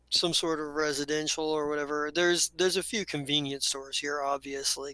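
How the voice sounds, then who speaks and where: Bright-voiced rambling man game master. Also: on the high side, clean tone, dry recording, low-quality recording. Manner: rambling, many fillers and restarts. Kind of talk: narrating a tabletop game.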